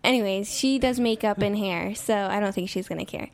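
A woman's voice: medium pitch, a little fast, gravelly. A woman from the United States, a podcast guest, telling a rambling story in casual chat with many fillers. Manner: chatty storytelling with frequent fillers and laughs.

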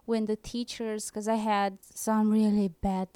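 A woman's voice: mid-range voice, level tone, a little slow, dark tone, no room sound. A young woman guest in a casual interview, giggling often and speaking English as a second language with loose grammar.

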